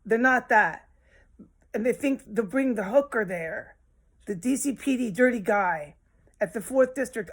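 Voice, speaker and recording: A woman's voice: a little high, expressive, a little slow. A woman ranting in a rambling monologue, agitated and profane, often restarting her sentences. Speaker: social media commentator.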